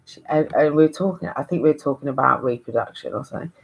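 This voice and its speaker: A woman's voice: very deep voice, rapid-fire, vocal fry, poor audio. A woman in her thirties talking candidly to camera, frank and rambling, with swearing and frequent restarts. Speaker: vlogger. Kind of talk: candid monologue.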